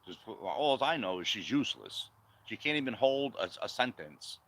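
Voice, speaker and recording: A man's voice: fairly low pitch, big pitch swings, normal speed, a bit bright, rough recording. A man giving blunt, confrontational political commentary, firing off repetitive rhetorical questions at the viewer. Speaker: vlogger.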